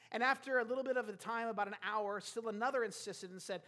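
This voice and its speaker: A man's voice: high-pitched, fast, few pauses, a bit bright. A man preaching a sermon, retelling a scripture story and acting out the characters' lines.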